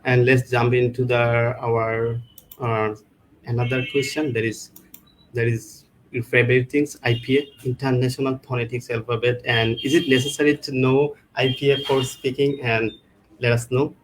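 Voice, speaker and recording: A man in a mid-range voice hosts a live online chat about speaking English. His phrasing is loose and halting, full of restarts. A faint hiss sits under his video-call audio. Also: medium pitch, little pitch movement, poor audio. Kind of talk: casual live-stream chat.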